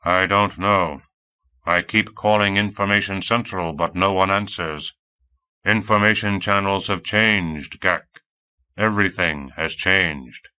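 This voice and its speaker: A man's voice: deep voice, a little slow, smooth, exaggerated voice. Man doing a droning old android robot. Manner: droning monotone. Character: old male android robot, flat and literal.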